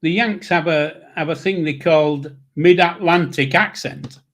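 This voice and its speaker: A man's voice: on the high side, a little slow, a bit bright. An older man with a Yorkshire accent, co-hosting a live chat show in a blunt, unfiltered manner. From Yorkshire, England. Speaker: co-host. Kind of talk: casual chat.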